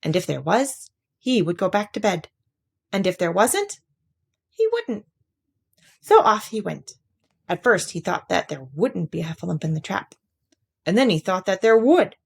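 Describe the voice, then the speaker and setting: A woman reading a children's storybook aloud with expressive, animated storytelling. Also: fairly low pitch, normal speed, creaky, slightly rough.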